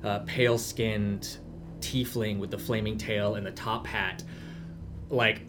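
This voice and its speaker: A man narrating a tabletop game as game master, describing scenes in a halting, rambling way with many fillers. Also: fairly low pitch, flat delivery, music in the background.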